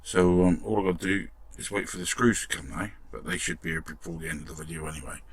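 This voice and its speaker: Man, deep gravelly voice, casual workshop commentary, mutters and swears mildly as he works. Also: lively intonation, quick pace. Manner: chatty, muttering while working, mild swearing. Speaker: model restoration vlogger.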